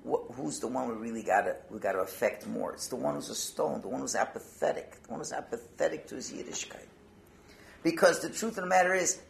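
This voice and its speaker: This rabbi's voice sits on the high side and sounds creaky as he tells a Hasidic story in a Torah talk. His speech is dotted with Yiddish and Hebrew, and his volume swings from hushed to loud.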